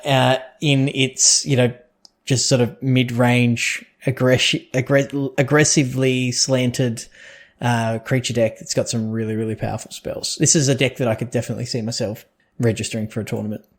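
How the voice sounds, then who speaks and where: A man's voice: mid-range voice, little pitch movement, moderate pace. A man co-hosting a casual podcast about a trading card game, talking in loose, rambling sentences full of fillers and restarts. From Australia or New Zealand. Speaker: podcast co-host.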